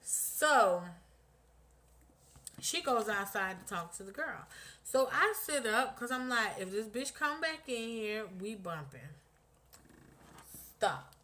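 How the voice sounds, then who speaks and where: A young woman is casually recounting a personal story on her vlog, her voice a little high and slow, with frequent pauses. She is animated and blunt, swearing freely and acting out what people said.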